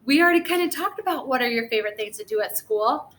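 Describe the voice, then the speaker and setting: A woman teaching a first grade class through a recorded reading lesson, speaking gently and asking the children encouraging questions. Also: a little high, animated, fast talker.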